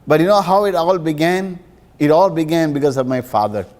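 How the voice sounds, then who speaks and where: A man's voice: a little high, brisk, a little mellow, close to an everyday voice. A man voicing a grateful adult football star who earnestly recalls his childhood.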